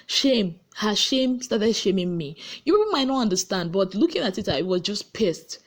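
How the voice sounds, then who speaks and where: A Nigerian woman recapping reality-show gossip late at night, tired but lively, acting out what people said. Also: moderate pace, few pauses. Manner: animated storyteller, acting out quotes with big pitch jumps. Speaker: gossip vlogger. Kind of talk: casual chatty recap. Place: her room at home.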